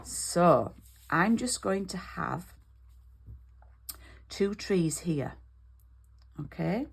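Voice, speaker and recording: A woman's voice: lowish voice, expressive, extremely slow, creaky, slight background noise. A British woman demonstrating card making in an online class, chatty and step by step, checking in with "okay?" as she goes.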